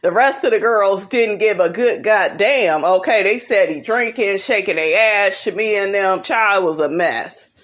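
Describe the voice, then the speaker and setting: A woman's voice: unhurried, few pauses. A young woman recapping reality TV in a sassy, profane, casual vlog style. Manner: sassy, profane, animated with big pitch jumps.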